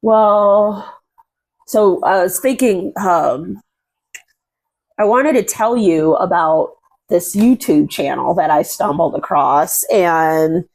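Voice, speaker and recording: Slow-talking woman hosting a faith chat. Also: medium pitch. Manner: earnest, storytelling, many fillers. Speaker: host. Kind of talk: casual interview chat.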